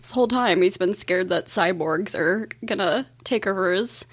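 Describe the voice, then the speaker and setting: A woman's voice: medium pitch, normal speed. Chatty woman on a comics podcast. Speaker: podcast co-host. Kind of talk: casual podcast chat.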